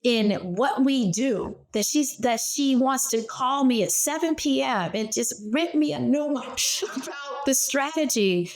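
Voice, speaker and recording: A middle-aged woman speaking as a guest in an interview, telling lively personal stories from her working life. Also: sits high, a little slow, hardly any pauses. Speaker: guest, former startup CEO. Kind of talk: conversational interview.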